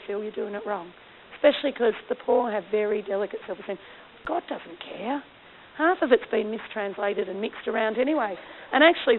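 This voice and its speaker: A woman speaking at a mission conference, telling lively, self-deprecating stories. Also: mid-range voice. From Australia. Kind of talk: storytelling talk. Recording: tinny phone-like lo-fi recording with faint hiss.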